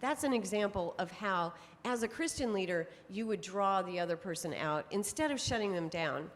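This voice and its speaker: A middle-aged woman giving a conference talk to an audience, telling stories in a lively way and laughing often. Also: medium pitch, normal speed. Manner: lively storytelling with frequent laughs. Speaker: speaker on temperament psychology. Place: conference hall. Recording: long hall reverb.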